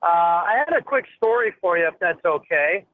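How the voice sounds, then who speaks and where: A man's voice: high voice, expressive, moderate pace, dry recording. A man in his forties calling in to a radio show, eager and friendly, stumbling over his words as he tells a story. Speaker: caller. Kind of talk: phone-in storytelling. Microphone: telephone. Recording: tinny telephone line.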